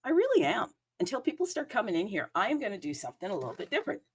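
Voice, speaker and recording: A woman's voice: medium pitch, huge pitch swings, very fast, breathy edge. A woman hosting a solo crypto livestream, chatty and bubbly, rambling with lots of fillers and asides. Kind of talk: casual solo livestream chat.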